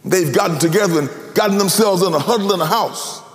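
Sing-song preaching man in an echoey hall. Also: brisk. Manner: sing-song preaching cadence, swings between loud cries and low murmurs. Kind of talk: sermon.

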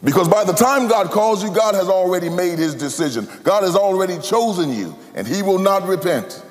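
A man preaching a sermon, his cadence sweeping from loud, high emphasis down to low, hushed tones. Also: lively intonation, a little fast. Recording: long hall reverb.

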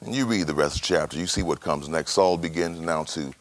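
A man's voice: sits low, a little fast, no echo. A man preaching a sermon as pastor, dramatic, with rhetorical questions.

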